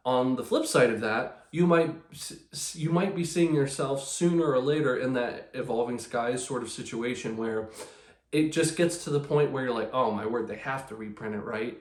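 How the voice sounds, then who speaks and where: A man's voice: a little high, reverberant. A man hosting his channel, talking casually and sarcastically in a rambling way with many restarts. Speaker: channel host. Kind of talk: casual talk about card collecting.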